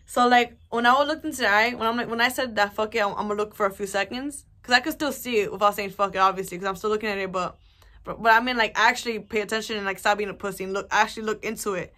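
A young vlogger with a mid-range voice talks fast and straight to her viewers, telling her story in a loose, rambling, animated way. She swears a lot and leans heavily on fillers in this casual storytelling to camera.

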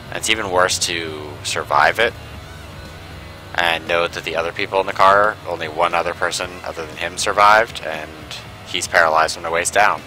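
Man, very deep voice, bright tone, casual let's-play commentary, rambling, sarcastic. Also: rough recording. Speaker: gameplay commentator.

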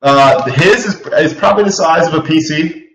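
A man's voice: on the high side, normal speed, crowd noise. A man in a casual panel discussion, chatting and explaining with hands-on examples. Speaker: panel guest. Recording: roomy, distant, lo-fi mic.

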